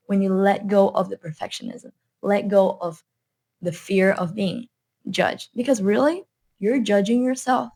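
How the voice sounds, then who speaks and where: A woman's voice: mid-range voice, a little mellow. A woman with a non-native accent, a language coach giving an earnest motivational talk to camera, repeating her points for emphasis.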